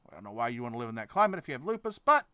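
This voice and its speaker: A man hosting a reaction video, cursing and ranting as he goes, dropping to mutters and then bursting into shouts, often trailing off and restarting his sentences. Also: medium pitch, big pitch swings, very fast, clean tone, no room sound. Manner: profane, ranting, swings between mutters and shouts. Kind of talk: casual reaction commentary.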